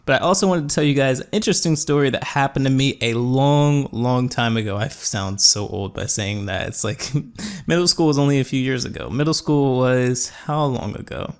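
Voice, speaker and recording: A young adult gaming YouTuber tells a rambling, casual story over gameplay, full of fillers and quoted voices. His mid-range voice is clear and resonant at a normal speed.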